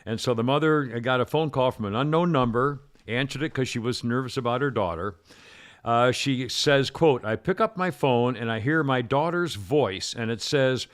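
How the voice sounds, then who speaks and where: A man's voice: mid-range voice, moderate pace. Rambling male talk radio host. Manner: rambling, reads news items aloud. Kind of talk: casual talk radio chat.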